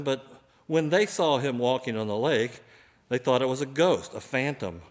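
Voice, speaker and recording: A man preaching a sermon, animated, acting out the voices of the people in the story. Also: medium pitch, normal speed, echoey room. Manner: animated, acts out voices of biblical figures.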